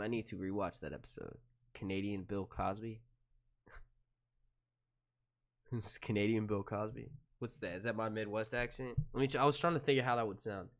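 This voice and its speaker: Rambling, lively male streamer. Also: fairly low pitch, creaky. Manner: rambling, swearing, laughing, lively. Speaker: streamer and show reviewer. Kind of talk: casual livestream chat with viewers.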